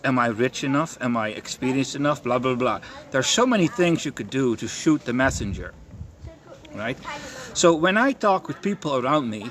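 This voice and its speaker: A man's voice: mid-range voice, a bit bright, slight background noise. A young man ranting in a monologue. He swears a lot, stammers and keeps repeating himself. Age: young adult. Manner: profane, stammering, repetitive.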